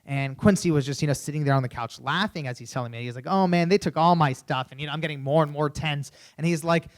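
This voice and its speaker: A young man tells a story from a conference stage with lively energy, leaning on "you know" between phrases. His voice sits a little high, carried by a stage microphone. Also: fast. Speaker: keynote speaker. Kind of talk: storytelling keynote speech.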